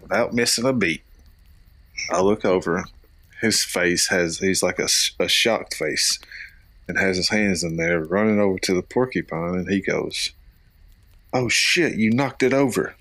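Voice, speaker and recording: A man's voice: deep voice, normal speed, fairly bright tone, no echo. A man in his thirties from Florida, co-hosting a podcast and telling rambling family anecdotes with lots of fillers and restarts. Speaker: podcast co-host. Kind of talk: casual storytelling chat.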